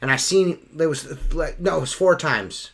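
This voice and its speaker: Bright, swearing man telling a rant. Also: fairly high pitch, normal speed, breathy edge. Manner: profane, ranting storyteller. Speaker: podcast host. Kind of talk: casual podcast chat.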